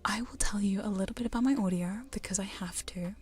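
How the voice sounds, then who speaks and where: A woman chatting in a soft, giggly whisper on a live hypnosis ASMR stream, close to studio mics in her home studio. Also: medium pitch, quick pace, breathy edge. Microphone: studio condenser and binaural mics.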